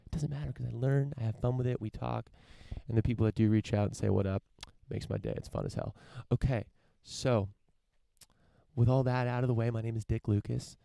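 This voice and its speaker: Recorded on a camera rig for a live stream, this casual solo podcast monologue comes from a young man hosting his show at his parents' home. He talks brisk and loose, full of profanity, fillers and restarts. His medium-pitched voice is warm and creaky, fairly even in intonation, with no room sound.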